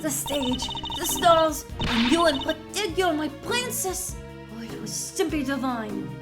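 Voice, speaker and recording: A fawning warden lady, high-pitched and swooping wildly through each sugary line, as a streamer puts her on. She gushes with theatrical warmth. Loud game music plays under her. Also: expressive, unhurried. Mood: doting. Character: gushing, fawning middle-aged woman prison warden.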